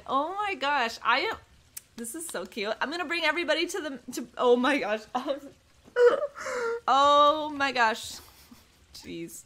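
A woman's voice: high-pitched, lively intonation, measured pace, pushed and bright. A young woman casually commenting on her gameplay, bubbly and gushing, full of "oh my gosh" and "like". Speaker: gaming YouTuber.

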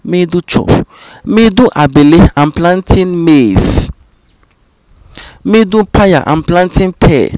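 A man teaching vocabulary, saying each phrase twice in a calm, patient way. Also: high voice, takes it slowly, dry recording, rough recording. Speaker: language teacher. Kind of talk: slow, repetitive vocabulary drill.

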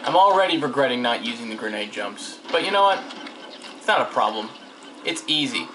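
A man's voice: mid-range voice, lively intonation, a little fast. A young man giving casual, goofy gameplay commentary, joking sarcastically and talking back to the characters on screen. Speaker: let's play gamer. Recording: home mic with noticeable hiss.

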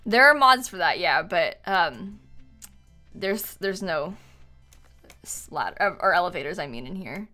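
A woman giving excitable live gaming stream commentary, swinging between panicked shrieks and quiet muttering. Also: fairly low pitch, measured pace, pauses often, soft background music.

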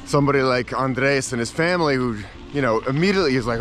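A man's voice: mid-range voice, fast talker, a bit bright, a little hiss or hum. Upbeat male vlogger, casual talk to a handheld camera outdoors, ordinary mid voice. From United States. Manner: chatty, upbeat, laughs often. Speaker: bikepacking vlogger. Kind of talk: casual travel vlog to camera. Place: outdoors on country roads.

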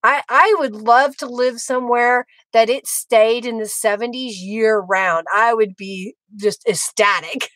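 A chatty middle-aged woman hosts a live craft demo, laughing often between remarks. Her voice sits high and bright. The sound is close and dry. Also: fairly even intonation, unhurried, hardly any pauses, dry recording, poor audio. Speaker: craft livestream host.

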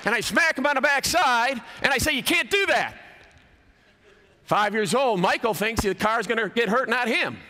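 A man's voice: very high voice, expressive, moderate pace, sharp tone, some chatter behind, a little hiss or hum. A man in his fifties preaching an emphatic chapel sermon, swinging his voice up and down for effect. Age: 50s. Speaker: college athletic director and speaker. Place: large college chapel. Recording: long hall reverb.

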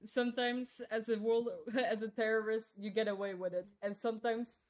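A woman's voice: on the high side, little pitch movement, normal speed, a little mellow. A woman streamer in casual voice chat during a game roleplay, joking and laughing as she talks. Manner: playful, laughing, joking threats. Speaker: streamer playing a roleplay court scene.

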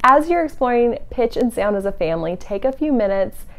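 A woman's voice: fairly high pitch, brisk. A woman leading a family camp, reading a picture book to children with playful sound effects, then giving simple at-home activity tips. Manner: animated read-aloud, playful sound effects.

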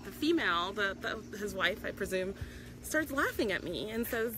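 Over music, a South African woman livestreams from a public spot outdoors, talking with earnest passion while she ums and keeps restarting her sentences. Her mid-range voice is animated and unhurried, and the recording is rough.

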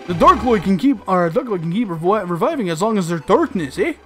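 A man's voice: high voice, big pitch swings, a little fast, over music. A man voicing a boastful robot ice villain in a video game, with a put-on Canadian accent, ending his lines with "eh". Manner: boastful, tacks "eh" onto lines.

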